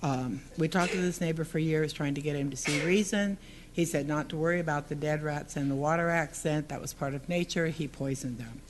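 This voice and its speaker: A woman's voice: low voice, brisk. Woman at the council mic, earnest, half reading her notes, some faint noise behind. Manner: earnest, partly reading prepared text, rambling asides. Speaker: public commenter. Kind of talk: public comment at a council meeting. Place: city council chamber.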